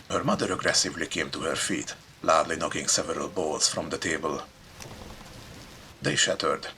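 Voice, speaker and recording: Deep, gravelly let's play narrator. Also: male voice, a little slow, long pauses, music in the background. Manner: dramatic reading with dry asides. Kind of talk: reading a visual novel aloud with commentary.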